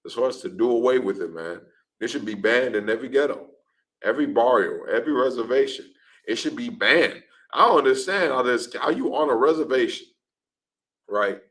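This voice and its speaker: A man's voice: medium pitch, lively intonation, brisk, a bit bright, rough recording. A man preaching in a street-talk class, emphatic and repetitive, often ending lines with "man". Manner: emphatic, repeats "man", acts out scenes. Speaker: class speaker.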